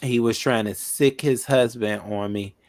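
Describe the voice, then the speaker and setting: A man's voice: medium pitch, fairly even intonation, measured pace, a little mellow. A man hosting a casual chat, talking in a loose, rambling way full of fillers. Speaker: host.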